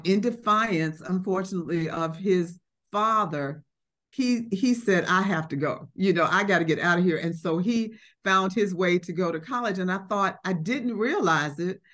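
A middle-aged woman recounting memories in a relaxed, conversational way, her voice sitting at an ordinary middle pitch. She pauses on fillers and restarts, then brightens when quoting others. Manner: reflective, warm storytelling with acted quotes and frequent fillers. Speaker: art collector. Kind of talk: conversational storytelling.

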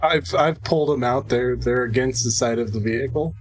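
A man's voice: mid-range voice, a little fast, rough recording. A man playing a tabletop game, speaking in character with stiff, overly formal wording. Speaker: player.

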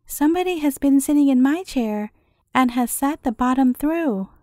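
A woman's voice: high voice, expressive, moderate pace, darkish tone, no echo. A woman reading the lines of a little wee baby bear from a fairy tale, close to her own storytelling voice. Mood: upset.

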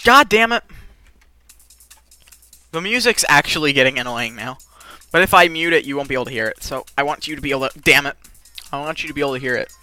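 A let's play gamer giving live commentary who rages and swears, with sudden yells between low muttering. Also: lively intonation, fast, pauses often. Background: faint game music.

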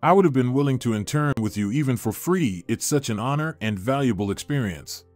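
An eager, polite young woman student in a narrated story, read by a man. She sounds a little shy, with a lively, swinging delivery and a dry, close sound with soft music underneath. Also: mid-range voice, brisk, dry recording, natural voice.

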